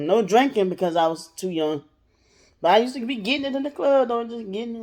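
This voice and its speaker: A young adult woman telling a profane, animated storytime rant as a vlogger, laughing and acting out voices. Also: on the high side, a little fast.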